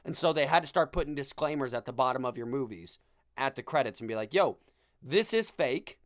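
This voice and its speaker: A young man hosts his podcast with a comedic monologue, sarcastic and peppered with self-mocking asides. His mid-pitched, fairly bright voice moves at a quick pace. The sound is dry and close, with no room echo.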